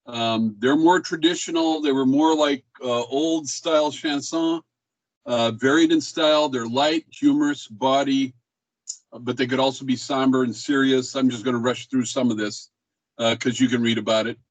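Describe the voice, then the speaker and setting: A man teaching music history in a relaxed lecture style, with frequent ums and uhs and his own voice used to show speech rhythms. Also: mid-range voice, moderate pace, no echo, rough recording. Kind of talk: recorded classroom lecture.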